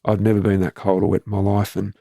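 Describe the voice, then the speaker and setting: A man's voice: lowish voice, monotone, fast, vocal fry, dark tone, dry recording, clean studio sound. A man in his fifties with an Australian accent, a former police commander telling frank stories in a plain-spoken conversational way. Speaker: retired police commander and guest. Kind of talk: candid conversational storytelling.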